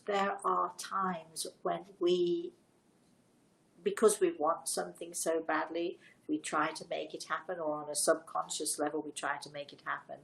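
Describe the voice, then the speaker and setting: An older woman, hosting a live show and telling a personal story, acting out the dialogue with lively shifts of voice. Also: on the low side, vocal fry, poor audio. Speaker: host.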